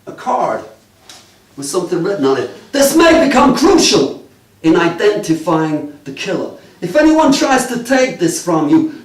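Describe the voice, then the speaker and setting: A man doing live character comedy as a detective, with deadpan mock-official patter aimed at the audience. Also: high voice. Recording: echoey live room, distant mic, faint noise.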